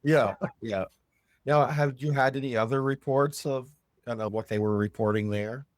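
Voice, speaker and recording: A man's voice: mid-range voice, moderate pace, no echo, clean studio sound. A man hosting a history podcast interview, asking short questions and adding brief responses. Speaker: podcast host.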